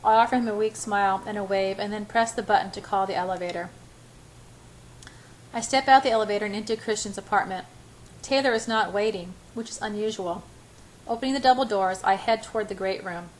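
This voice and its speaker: An older woman reading a novel aloud as an amateur, unhurried, with small slips and restarts. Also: medium pitch, a little hiss or hum, low-quality recording. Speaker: reader.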